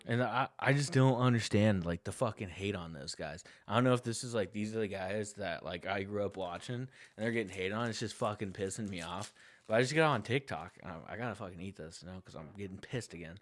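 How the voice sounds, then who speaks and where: A man's voice: fairly low pitch, a little fast. A young man hosting a casual sports talk show, ranting in a heated, profane, rambling way and getting worked up. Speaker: podcast host.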